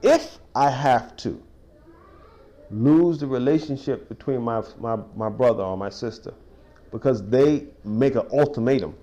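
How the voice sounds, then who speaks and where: A man with a mid-range voice and moderate pace runs a casual Bible study in a small cafe, going verse by verse. His manner is folksy and conversational, with frequent restarts and "you know"s, building toward excited sports stories.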